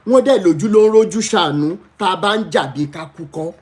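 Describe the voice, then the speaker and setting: Nigerian male host, spoken storytelling with emphatic pleading and lively pitch jumps. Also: quick pace. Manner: pleading, animated storytelling with dramatic pitch swings. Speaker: livestream host. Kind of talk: storytelling to live viewers.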